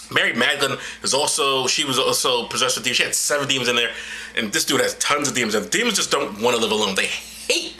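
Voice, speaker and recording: A man's voice: mid-range voice, pushed and bright, slight background noise. A man hosting a show who retells stories in an irreverent, rambling, profane satirical style. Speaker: comedic show host.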